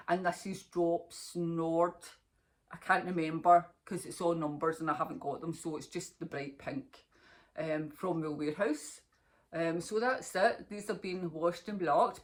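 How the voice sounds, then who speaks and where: A woman's voice: lowish voice, a bit bright. A Scottish woman hosting a knitting podcast, chatting casually to camera in a rambling way and laughing often.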